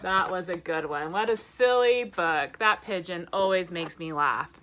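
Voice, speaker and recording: A woman teacher, her voice fairly low and her pace measured, reads a picture book to young children as she teaches letters. She asks them questions in a gentle, encouraging way.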